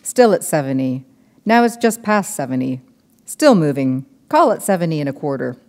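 A woman's voice: low voice, very animated, normal speed, a little mellow. A woman reading aloud, voicing an earnest young man who explains things patiently. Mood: focused.

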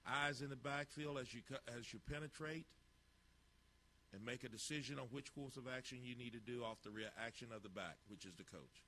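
Narrating a drill tape over practice footage, a football coach gives short, clipped cues and bluntly calls out poor technique. His middle-pitched voice is bright, forceful, and brisk, with slight background noise.

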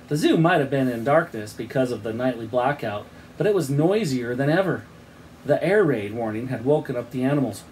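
In a brisk, lively, mid-range voice with a darkish tone, a man reads a children's book to his class, expressively performing its sound effects. Afterward he gives them an assignment, and a bit of background noise can be heard.

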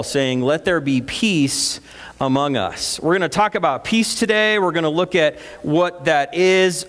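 A man's voice: a little high, fairly bright tone. A middle-aged male pastor giving a conversational, story-filled sermon in a church. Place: church sanctuary. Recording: long reverb of a church hall.

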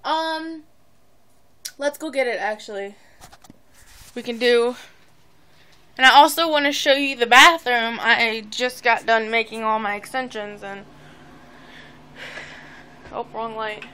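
A woman's voice: fairly high pitch, slow, long pauses, sharp tone, smooth. A teenage girl vlogging from home in a bubbly, rambling, giggly way. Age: teens. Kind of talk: casual chat to camera. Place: at home, indoors.

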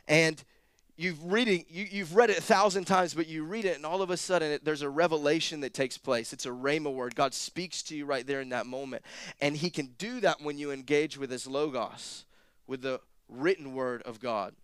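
Animated, crisp-voiced male preacher. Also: on the high side, dry recording, clean studio sound. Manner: animated preaching, rising to near-shouted emphasis, with quick asides. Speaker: pastor. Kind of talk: sermon.

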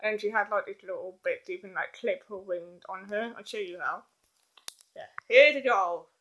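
A woman's voice: medium pitch, normal speed, a bit bright. A teenage girl rambling through a doll review in her bedroom, hyper and giggly, filming one-handed on a handheld camera. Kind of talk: casual rambling vlog.

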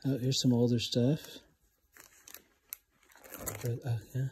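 A man chatting casually as he digs through boxes of finds, rambling and easily excited, recorded on a phone. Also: medium pitch, takes it slowly. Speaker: vlogger digging through resale finds. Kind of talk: casual running commentary. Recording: phone recording with loud clicking and handling noise.

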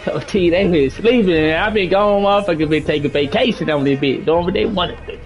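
A man's voice: high voice, brisk, soft background music. A young man streaming a basketball video game, coaching and scolding his teammates in casual, slangy, profane talk. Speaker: gaming streamer. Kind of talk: live gameplay chat with teammates.

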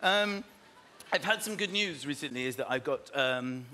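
A man doing a stand-up comedy routine on a theatre stage, acting out scenes with sudden shouts and silly animal noises. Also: medium pitch, lively intonation, normal speed. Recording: live theatre recording with audience noise. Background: audience laughter.

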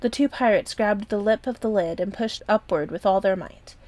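A woman narrating a children's chapter book aloud. She keeps a soft, gentle reading voice, sometimes dropping almost to a whisper. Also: mid-range voice, normal speed, dry recording. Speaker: storyteller.

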